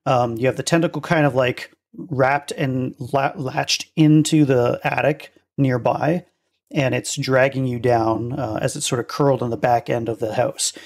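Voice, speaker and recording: A young man narrating a tabletop game as game master, halting with many ums and uhs. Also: mid-range voice, fairly even intonation.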